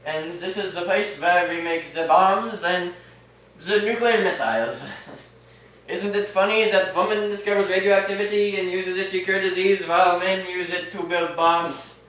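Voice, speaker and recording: A teenage boy playing a gleeful mad professor with a put-on German accent, performed for a high school duo interpretation. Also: steady tone, normal speed, a bit bright. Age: teens. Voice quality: manic, gleeful. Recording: echoey room, mic far off.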